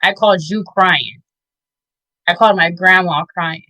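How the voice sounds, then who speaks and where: A woman in her thirties giving tearful, heartfelt shout-outs in an interview, halting with many fillers. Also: on the low side, no echo, poor audio. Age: 30s. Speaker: interview guest.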